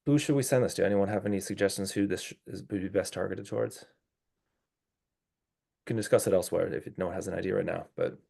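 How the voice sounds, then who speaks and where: A man's voice: sits low, quick pace, vocal fry, mellow. A man chairing a public neighborhood commission meeting in a casual, clarifying way while losing his voice.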